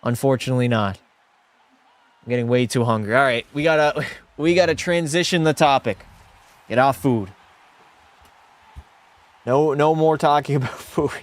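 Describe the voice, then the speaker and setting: A man's voice: mid-range voice, moderate pace, long pauses. A young man streaming a hockey video game, calling the plays and chatting with his viewers. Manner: excitable, chatty, answers chat, mock French-Canadian outbursts. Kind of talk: casual live-stream play-by-play commentary.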